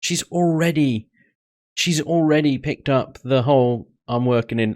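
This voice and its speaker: A man's voice: mid-range voice, a little slow, a little mellow. A man giving casual, joking commentary while playing a video game, laughing often. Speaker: gaming YouTuber.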